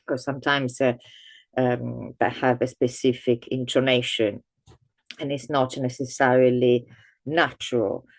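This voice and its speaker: A woman's voice: a bass voice, a little mellow, dry recording. A woman teaching an online grammar lesson, patiently walking through a table and reading verb forms out carefully. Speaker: language teacher.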